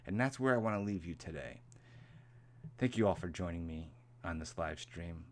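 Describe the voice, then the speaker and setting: A man hosting a casual live stream, rambling and repeating himself, now and then jumping into a high, mocking voice to imitate angry people. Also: moderate pace, long pauses.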